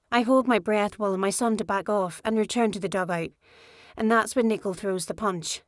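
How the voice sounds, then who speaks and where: A woman reading a first-person novel as an audiobook narrator, steady in her storytelling. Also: mid-range voice, no echo, clean studio sound.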